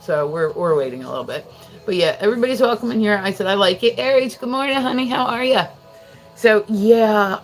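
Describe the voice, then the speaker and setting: Woman streamer just chatting, rambly, laughs a lot, some faint music behind. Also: medium pitch. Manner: rambling, many fillers, laughs often. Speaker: livestream host. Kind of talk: casual chat with viewers.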